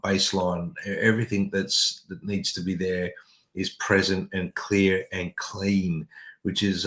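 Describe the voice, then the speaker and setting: A man with a very low, flat voice reviews an album on a video call. He speaks in a steady, measured, descriptive way. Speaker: podcast co-host. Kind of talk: casual music review chat.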